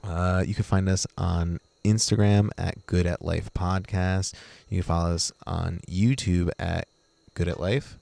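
A man's voice: low voice, fairly even intonation, a little slow, creaky, few pauses, darkish tone, no echo. A man co-hosting a podcast, casually telling a story with lots of fillers and restarts. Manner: rambling storyteller, heavy on fillers. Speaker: podcast co-host. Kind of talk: casual chat.

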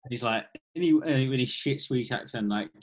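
A man co-hosting a comedy chat, adding quick jokes and agreeing often. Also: medium pitch.

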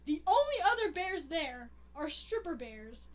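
A woman's voice: high-pitched, sing-song, a little slow. A woman co-hosting a podcast, retelling a movie plot in a rambling, giggly way. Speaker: podcast co-host recapping a movie. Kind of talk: casual chat, plot retelling.

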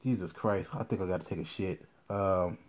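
A man's voice: deep voice, moderate pace, noisy background. A young man hosting a podcast from his car, telling crude, profane stories in a loose, rambling way. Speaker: podcast host. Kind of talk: casual profane storytelling.

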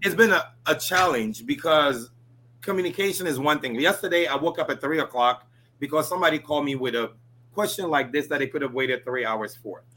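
A man's voice: a little high, brisk, bright, forceful tone. A man from Ghana chatting as an interview guest, emphatic and frank, often tagging on "right?". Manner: emphatic, keeps adding "right?". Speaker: guest, designer and event planner. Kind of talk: casual interview chat.

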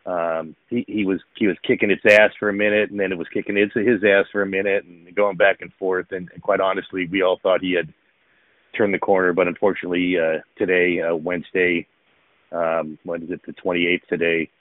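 A former pro baseball player turned podcast co-host chats casually, wandering through his points with lots of fillers and false starts. His voice sits low with little pitch movement and runs a bit fast. The dry recording has a thin, phone-like quality.

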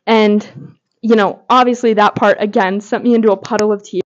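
A woman's voice: medium pitch, fairly even intonation, normal speed. Woman host, casual gushing fan commentary, medium voice, dull lo-fi recording. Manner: gushing, heavy filler words. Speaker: podcast host. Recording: slightly dull lo-fi audio.

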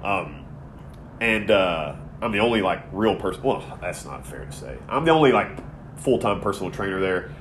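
A man's voice: low voice, big pitch swings, moderate pace, a little hiss or hum. Profane, rambling man in his thirties. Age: 30s. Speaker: podcast co-host. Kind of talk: casual chat.

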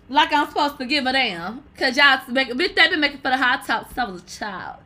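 A woman hosting a casual livestream, reading viewer comments aloud in a brash, profane way and laughing loudly often. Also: sits high, very animated, a little fast, a little hiss or hum. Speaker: livestream host.

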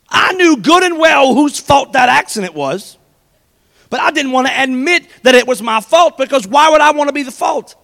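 A man's voice: very high-pitched, expressive, normal speed, creaky, bright, forceful tone, in a large hall. A man, preaching a sermon in a conversational way, full of personal stories. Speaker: pastor.

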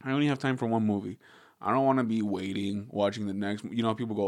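A man from Southern California rambles through a casual podcast chat. He swears freely and laughs often, and his voice sits a little low. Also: fairly even intonation, a little fast, no echo, clean studio sound.

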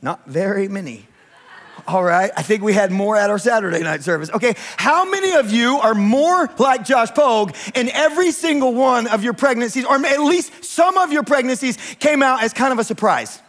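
High-voiced joking pastor. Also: male voice, lively intonation, moderate pace, fairly bright tone. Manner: joking, chatty, polls the congregation for raised hands. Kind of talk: humorous sermon storytelling. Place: church sanctuary with congregation.

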